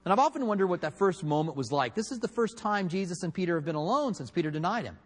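A man preaching a sermon, telling a story with acted-out quotes and swinging between loud and hushed delivery. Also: high voice, expressive, quick pace, in a large hall. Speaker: pastor.

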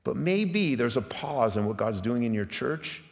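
A middle-aged male pastor delivers an impassioned sermon in a mid-pitched voice. He speaks straight to the congregation with rhetorical questions, dropping to a hush and then surging to loud emphatic peaks. His voice rings with the long reverb of a large church hall. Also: expressive, unhurried, vocal fry.

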